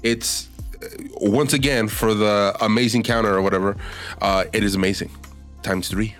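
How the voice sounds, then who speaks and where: A man co-hosting a podcast in casual chat, excitable and swearing a lot. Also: on the low side, normal speed, faint music behind. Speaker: podcast co-host.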